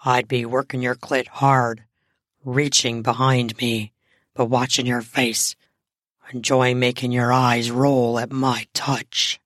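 Woman doing a low, commanding seductive man. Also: flat delivery, slow pace, dry recording, studio quality. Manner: firm, smooth, commanding. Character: confident seductive adult man playing Santa.

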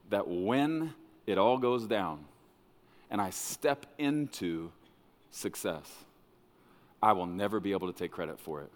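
A man preaching a sermon as pastor, dramatic, swinging between loud bursts and hushed lines. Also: lowish voice. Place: church hall. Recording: long reverb of a large hall.

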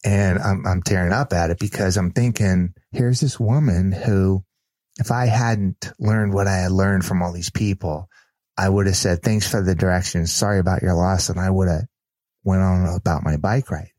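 Earnest low-voiced man telling a story. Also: normal speed, no room sound. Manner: earnest, animated retelling with restarts. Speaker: podcast guest. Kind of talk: storytelling in casual conversation.

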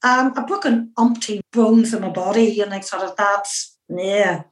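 A middle-aged Northern Irish woman tells stories in an interview in a lively, chatty way, with lots of "kind of" and "you know" fillers. Her voice sits in a medium pitch for a woman. It echoes around a roomy space. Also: moderate pace. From Northern Ireland. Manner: lively storyteller who acts out her own past remarks, with many fillers. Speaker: interview guest. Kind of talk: anecdotal interview storytelling.

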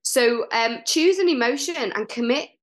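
A woman's voice: a little high, animated, moderate pace. A middle-aged woman, an improv teacher, talking casually and animatedly as a podcast guest, with many fillers and restarts.

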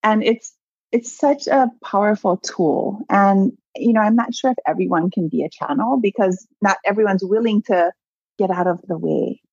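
A woman interview guest, a coach, telling personal stories in a lively, chatty way with lots of "like" and laughter. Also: medium pitch, normal speed, creaky, breathy edge, dry recording, muffled recording. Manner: animated storyteller, many "like"s and laughs. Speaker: guest, abundance mindset coach. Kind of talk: casual storytelling interview.

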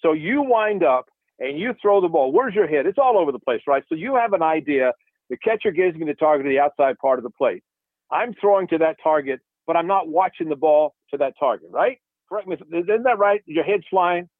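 On a dry, phone-like radio line with no room sound, a man with a voice on the high side talks baseball fairly quickly. He once played catcher, now broadcasts, and brings his stories alive by acting out old conversations during casual on-air chat.

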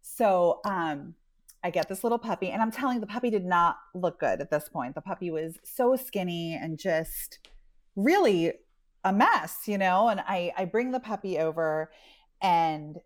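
A woman who runs a dog rescue, telling a story in a lively, chatty way and acting out the quotes. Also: fairly low pitch, moderate pace. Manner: animated, chatty, lots of "like" and acted-out quotes. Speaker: dog rescue owner and pet matchmaker. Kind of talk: storytelling in an interview.

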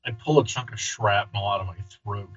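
Male player, deadpan; low, husky, dull lo-fi recording. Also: normal speed. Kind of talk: in-character tabletop play.

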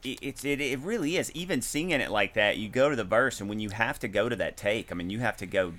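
A man's voice: lowish voice, expressive, quick pace, fairly bright tone. A man co-hosting a podcast, chatting casually from his garage about a song he covered, rambling with restarts and singing short snippets. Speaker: podcast co-host and musician. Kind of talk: casual chat. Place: home garage.

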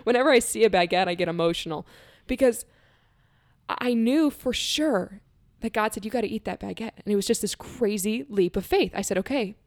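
A woman in casual conversation, telling a personal story in an earnest, animated way, laughing often and acting out quotes. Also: medium pitch, normal speed, dry recording.

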